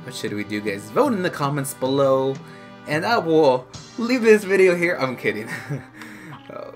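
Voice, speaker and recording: A man giving excitable let's play commentary as a gaming YouTuber, muttering and groaning at the game. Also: medium pitch, normal speed. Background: game music.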